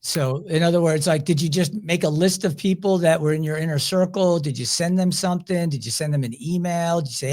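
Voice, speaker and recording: A man with a Philadelphia accent, pitched a touch higher than most men. He hosts a relaxed interview and talks at length, circling back and restarting as he builds each question. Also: fairly quick, few pauses. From Chicago area. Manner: chatty, long rambling questions with restarts. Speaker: podcast host. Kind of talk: casual interview.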